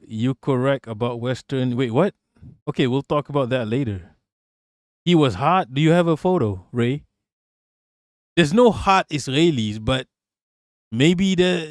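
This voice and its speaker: A man's voice: on the high side, no echo, clean studio sound. A man streaming live, joking crudely and rambling as he reacts to clips. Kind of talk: casual live-stream commentary.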